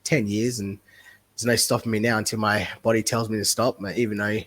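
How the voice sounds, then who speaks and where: A man's voice: fairly low pitch, a little fast. A man, a wrestler talking casually as a podcast guest, rambling and laughing easily. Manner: relaxed, rambling, laughs often.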